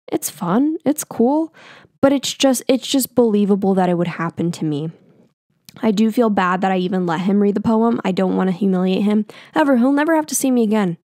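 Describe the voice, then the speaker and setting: Young woman podcast host, gravelly fry, dry close sound, chatty storyteller who swears. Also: mid-range voice, warm tone, no echo. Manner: chatty, swears, many fillers and restarts. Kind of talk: casual storytelling.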